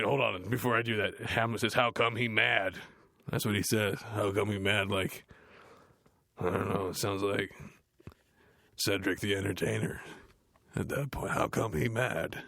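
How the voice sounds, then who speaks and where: An actor playing a dim, gruff heavy metal frontman, reading a book aloud in a deadpan, grumbling, dismissive way, with a gravelly, growly voice. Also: lowish voice, dry recording, studio quality. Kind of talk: comedic audiobook reading.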